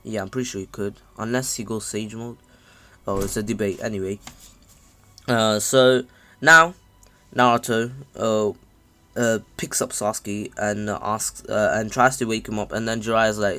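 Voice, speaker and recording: A man's voice: lowish voice, fairly even intonation, normal speed, sharp tone. A man casually recapping a fan story, hesitant, with many fillers and self-corrections. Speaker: channel host.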